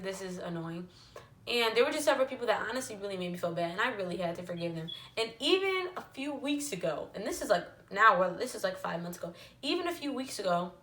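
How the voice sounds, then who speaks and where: A woman's voice: mid-range voice, a bit bright, roomy sound. A young woman telling a personal story to camera in a candid, emotional way, with lots of "like" and "literally". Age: young adult. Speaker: vlogger.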